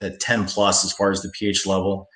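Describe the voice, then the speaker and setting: A man, a business owner, talking as an interview guest over a video call in a relaxed way with many fillers. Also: deep voice, fairly quick. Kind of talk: casual interview chat. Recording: echoey room.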